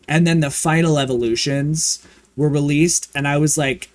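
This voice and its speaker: A man's voice: on the high side, normal speed, no echo. Chatty campy man streaming a game. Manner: chatty and campy, with playful swearing and bursts of excitement. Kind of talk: casual gaming livestream chat.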